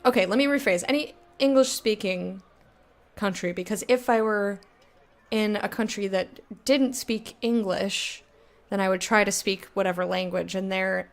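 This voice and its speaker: An American woman streaming a game, chatting casually with her viewers, self-mocking and quick to laugh. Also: medium pitch, creaky. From United States. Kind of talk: casual gameplay commentary, reading chat.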